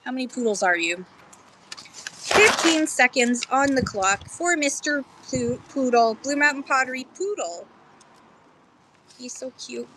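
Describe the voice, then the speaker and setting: A woman running a lively live-stream pottery auction outdoors in a park, chatty and excitable, explaining pieces between bids. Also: fairly high pitch. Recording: faint outdoor background noise.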